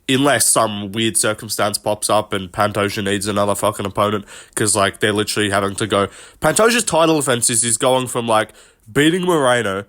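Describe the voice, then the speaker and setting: A man's voice: medium pitch, a bit bright. A man giving casual solo commentary on fights, blunt and profane in his banter. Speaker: MMA commentator.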